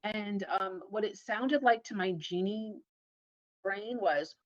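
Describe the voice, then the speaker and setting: A woman, a company founder, telling lively stories in an interview and acting out the dialogue. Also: medium pitch, slow. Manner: animated storyteller acting out dialogue. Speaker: guest, founder and CEO. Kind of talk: casual interview storytelling. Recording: dull lo-fi audio.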